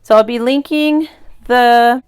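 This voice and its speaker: A woman's voice: fairly high pitch, slow pace, clear, resonant tone. A woman vlogging casually, gushing with gratitude and close to tears. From United States. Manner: gushing, emotional, grateful. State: near tears. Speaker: budget vlogger. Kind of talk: casual vlog chat.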